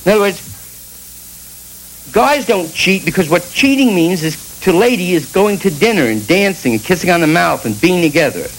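Gravelly rambling male comedian. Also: high voice, animated, moderate pace, a little hiss or hum, poor audio. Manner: rambling, irreverent, full of restarts and asides. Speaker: stand-up comedian. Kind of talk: stand-up comedy monologue.

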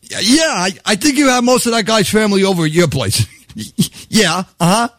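A man's voice: high voice, lively intonation, moderate pace, fairly bright tone, dry recording, clean studio sound. A man voicing God as a chummy, profane deity with a Brooklyn accent, chatting on the phone. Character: God, brash fast-talking deity on the phone.

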